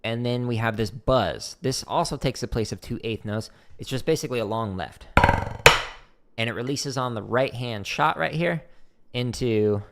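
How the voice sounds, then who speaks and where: A man's voice: mid-range voice, moderate pace, loud music behind the voice. A man teaching drum rudiments on a home livestream, chatty and loose, with lots of "like" fillers, counting patterns aloud into a desk mic. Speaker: drum instructor streaming. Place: home practice room. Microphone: desk microphone.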